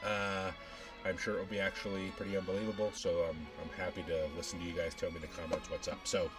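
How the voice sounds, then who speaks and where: A man's voice: low-pitched, flat delivery, fast, far from the mic, music in the background, poor audio. A man hosting a reaction video, talking in a hesitant, laid-back way. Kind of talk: casual reaction commentary.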